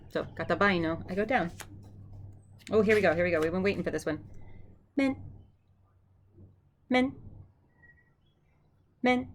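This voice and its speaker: A woman's voice: fairly low pitch, slight background noise. A woman teaching vocabulary in a chatty way, repeating each word for her students to echo back. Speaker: Greek teacher. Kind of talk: vocabulary lesson.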